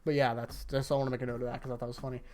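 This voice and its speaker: A man's voice: mid-range voice, racing, faint music behind. A man casually recapping anime episodes in a rambling, jokey way, jumping into voices. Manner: animated, jokey, with voiced impressions. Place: indoors in front of a green screen.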